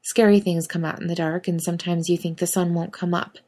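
A woman reading fan fiction aloud, voicing a gruff young male hunter who swears bluntly and fumbles for words. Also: fairly low pitch, flat delivery, brisk, mellow, close to an everyday voice.

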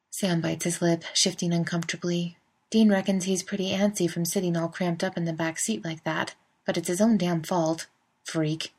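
A woman's voice: on the low side, fairly even intonation, moderate pace, a little mellow, breathy edge. A woman narrating a fan fiction story in a wry, conversational way. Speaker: reader. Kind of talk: fan fiction audiobook reading.

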